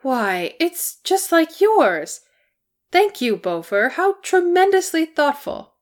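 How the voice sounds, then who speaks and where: A woman's voice: mid-range voice, lively intonation, a little slow, fairly bright tone. Give me a polite, dry-witted male hobbit, read by a woman for a storybook. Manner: dry, genteel, flustered.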